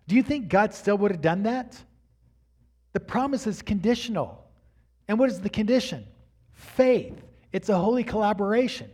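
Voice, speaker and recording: Middle-aged man preaching in church, a touch high-pitched, swings from quiet talk to loud calls. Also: sing-song, normal speed. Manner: dynamic preaching, rising to near shouts at the peaks; addresses the congregation directly. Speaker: pastor. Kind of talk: sermon. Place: church sanctuary before a congregation.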